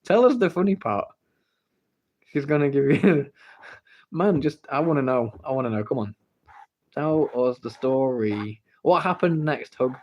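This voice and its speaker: Over a phone microphone, an English livestream host speaks in an animated, darkish-toned mid-range voice, a little slowly and with frequent pauses. He reads the chat and playfully pesters viewers, teasing and pleading for the story.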